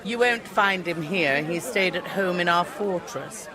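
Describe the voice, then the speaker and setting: An actress playing a sharp-tongued medieval noblewoman, speaking in an arch, teasing manner. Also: on the low side, unhurried, crowd noise, natural voice. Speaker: noblewoman at a feast. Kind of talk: video game voice acting.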